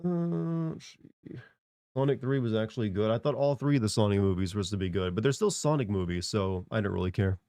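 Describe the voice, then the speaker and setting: A man's voice: fairly low pitch, quick pace, few pauses, mellow, dry recording, clean studio sound. Congested man chatting on stream. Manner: rambling, answers chat with fillers. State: congested from a cold. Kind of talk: casual live-stream chat.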